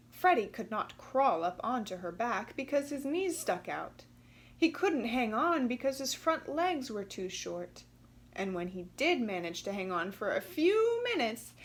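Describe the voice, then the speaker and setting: Storybook narrator, woman, fairly high voice, gently emphatic, lively melody. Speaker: storybook reader. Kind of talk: children's storybook read-aloud.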